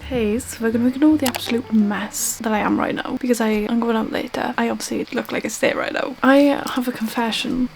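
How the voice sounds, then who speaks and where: A woman's voice: fairly high pitch, steady tone, fairly quick, vocal fry, hardly any pauses, a little hiss or hum, poor audio. A young woman vlogging casually about her reading, chatty and self-deprecating. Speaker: book vlogger. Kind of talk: casual vlog chat.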